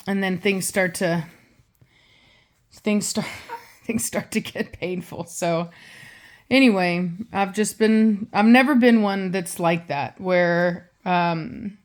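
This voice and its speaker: A woman in her late thirties chatting casually in a vlog, rambling and candid, with many fillers and restarts, and now and then cooing to her pet bird. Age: late 30s. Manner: coos in a high, soft baby-talk voice to her bird. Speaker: vlogger and pet bird owner.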